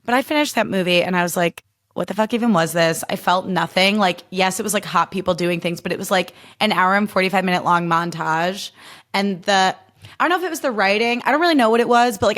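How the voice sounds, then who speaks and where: A woman's voice: medium pitch, fast talker, fairly bright tone. A woman in her mid-thirties from Illinois hosts a casual solo podcast. She talks in a chatty, emphatic way, peppering her speech with fillers and swearing. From Illinois, USA. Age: 30s. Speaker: podcast host.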